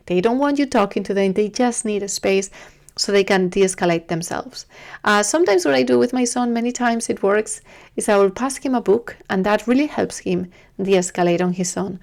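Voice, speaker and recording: A parenting video host with a creaky, mid-range voice offers advice casually to the camera. She is earnest and gently pleading, and she repeats herself.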